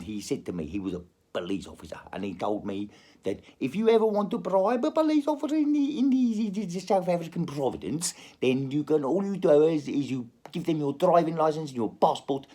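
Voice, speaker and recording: A man tells a rambling comic story to his viewers, chatty and peppered with swearing and stumbles. His voice is gravelly and husky, and his pitch swings widely. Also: dark tone. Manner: chatty, swears a lot, many restarts. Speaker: vlogger telling a story.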